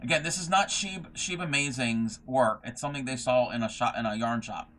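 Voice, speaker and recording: A man's voice: mid-range voice, a little fast, sharp tone. A young man hosting a casual craft livestream, reading chat messages aloud and rambling with lots of fillers and restarts.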